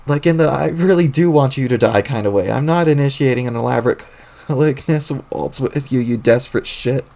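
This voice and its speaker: A foul-mouthed young troll, voiced by a man reading a webcomic aloud on stream rants loudly and frantically. The voice is gravelly with a rough, fried edge, and the pitch lands in a middle range. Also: fairly quick, close to an everyday voice. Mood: furious. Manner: loud, ranting, frantic.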